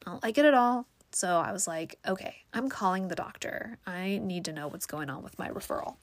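A woman talking casually to the camera, telling a frustrating story and acting out the people in it with lively voices. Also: lowish voice, fairly quick, no room sound. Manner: chatty, exasperated, quotes people in lively voices. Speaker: vlogger.

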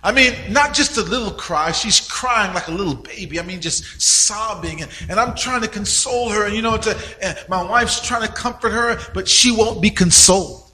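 A man's voice: high-pitched, normal speed, few pauses, bright, forceful tone, in a large hall, poor audio. A man preaching a sermon as pastor, telling a story with a varied delivery, many "uh"s and repeated "and"s.

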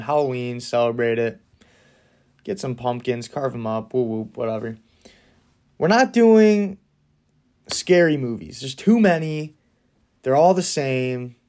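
A man's voice: medium pitch, a little slow, pauses often, darkish tone. A young man hosting a casual solo podcast, talking enthusiastically and with firm opinions, often laughing between remarks. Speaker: podcast host.

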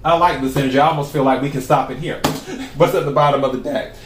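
A man giving a tarot reading to his viewers. He talks in a calm, even way and asks the cards the same question again and again. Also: medium pitch, quick pace, reverberant, slight background noise. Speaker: tarot reader.

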